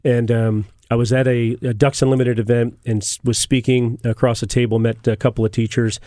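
A man who is a sheriff, speaking as a guest on a talk show, measured and hesitant with many fillers. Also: medium pitch, level tone, warm tone, no echo, clean studio sound.

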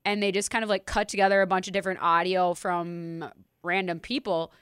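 A woman's voice: fairly low pitch, fairly quick, clean tone, no room sound. Chatty woman sports talk host, dry sound. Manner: chatty, animated, laughs often. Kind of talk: casual sports talk chat.

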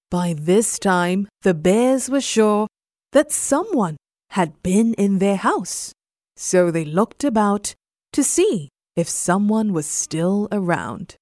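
A young adult woman storyteller giving a slow, expressive bedtime story narration. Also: mid-range voice, no room sound, studio quality.

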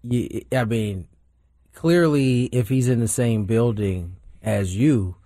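A man co-hosting a casual chat, reacting with quick interjections and laughter. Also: mid-range voice, mellow, no echo, studio quality.

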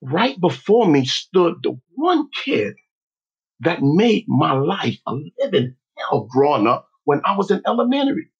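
Slow, husky-voiced man telling a story. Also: fairly high pitch, big pitch swings. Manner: slow, deliberate, dramatic storytelling. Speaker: motivational speaker. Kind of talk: personal storytelling. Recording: dull lo-fi recording.

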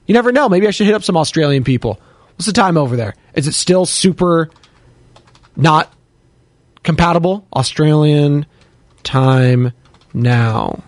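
Brief: male sports talk host, high tenor voice, dry close mic, chatty and jokey. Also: dry recording. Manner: chatty, jokey, shouts out listeners. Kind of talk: casual sports radio chat, taking calls and chat.

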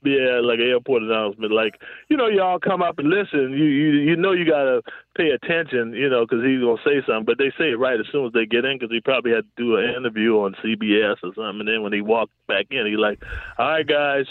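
A man's voice: medium pitch, fast, no room sound. A man, a former pro football receiver, telling stories in a casual interview, laughing often and leaning on "you know what I'm saying". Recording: dry, tinny phone-like line.

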